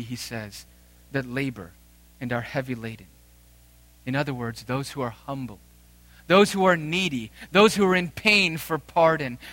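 A man in his thirties preaching a sermon as pastor, emphatic with dramatic pauses and rising swells. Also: a little high, a bit bright, no room sound.

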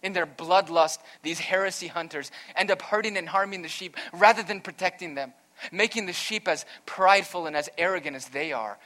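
A pastor preaching an earnest, emphatic sermon, weaving in a storytelling aside. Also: male voice, sits high, fairly quick, sharp tone.

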